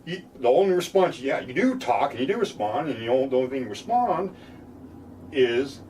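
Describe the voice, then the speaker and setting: A plainspoken man lays out legal advice in a mid-pitched voice. He picks up from a little away from the mic, with a faint hum of room ambience behind him. Now and then he barks out police lines in a mocking tone. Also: very animated, moderate pace, darkish tone, far from the mic. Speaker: defense lawyer. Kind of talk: explainer talk to camera.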